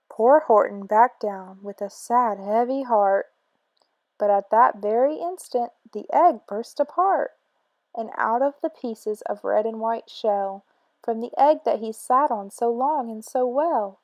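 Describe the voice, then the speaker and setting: A woman reading a rhyming children's book aloud in a rhythmic, expressive way. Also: fairly high pitch, a little slow, no echo. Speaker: storybook reader.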